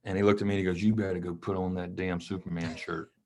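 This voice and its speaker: Brief: man, a coach and podcast guest, fairly low voice, casual, emotional storyteller who acts out other people's lines. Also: little pitch movement, fast talker, darkish tone, a little hiss or hum. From Mississippi.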